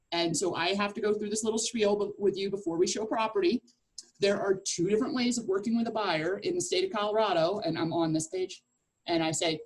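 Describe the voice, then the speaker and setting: A woman leads a real estate sales class with a slightly low voice. She talks in a chatty, hands-on way, acting out the lines she says to clients. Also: brisk, poor audio. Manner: chatty, acts out client conversations. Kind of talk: teaching a class.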